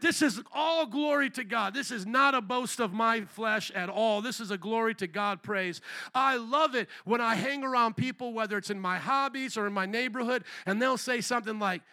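Male pastor, high bright voice, animated storyteller preaching in church. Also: moderate pace. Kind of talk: sermon. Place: church sanctuary.

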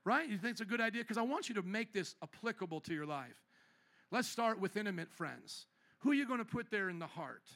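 High bright voice, guy pastor preaching in church, jokey and teasing the crowd. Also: a little fast, gravelly. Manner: playful, teasing, animated preaching. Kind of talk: sermon. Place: church sanctuary.

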